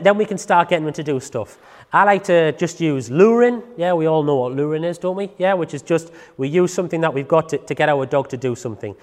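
A man's voice: a little high, darkish tone, in a large hall. A man teaching dog training in a casual, chatty way, often checking in with the listener.

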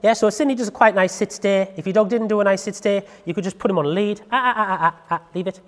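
A man's voice: high-pitched, quick pace, long reverb tail. A man, a dog trainer explaining in a casual chatty way, full of tag questions. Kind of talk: casual instructional talk to camera.

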